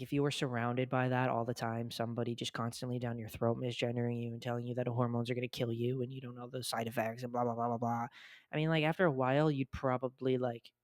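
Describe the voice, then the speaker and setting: Deep-voiced man, chatty podcast host. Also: no echo. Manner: swears freely, many "like" fillers. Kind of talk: casual chat.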